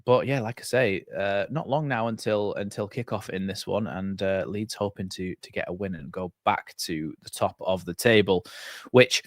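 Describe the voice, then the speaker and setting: Chatty male streamer, lowish voice, dry close desk mic, rambling and casual. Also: normal speed, dry recording. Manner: chatty, rambling with fillers and restarts. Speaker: football fan channel host. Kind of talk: live watchalong chat. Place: home setup at a computer. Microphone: desk microphone.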